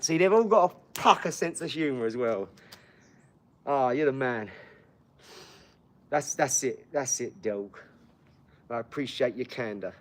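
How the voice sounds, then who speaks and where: A man's voice: mid-range voice, a little fast. A man hosting a casual live stream from his garage, talking in a hyped, slangy way and calling his viewers "dog" and "mate". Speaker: livestream host. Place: home garage.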